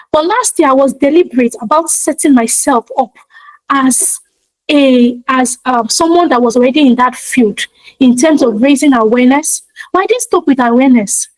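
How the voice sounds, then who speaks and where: A woman's voice: sits high, a little mellow, no room sound, rough recording. A woman giving a motivational talk, speaking emphatically and repeating her key points in a preacher-like way. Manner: talks of her own practice in speaking to online audiences.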